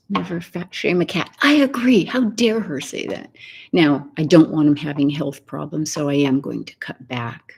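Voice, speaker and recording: An older woman hosting a soft-spoken ASMR live chat from her home, greeting viewers and often slipping into a whisper. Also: deep voice, gravelly, husky. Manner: soft and unhurried, slipping into whispers while reading viewer comments. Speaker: ASMR host. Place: home, Texas.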